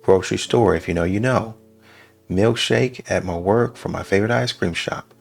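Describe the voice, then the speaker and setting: A man with a low, gravelly voice gives reaction commentary in a dry, mocking tone. Faint music plays behind him. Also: normal speed. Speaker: reaction channel host.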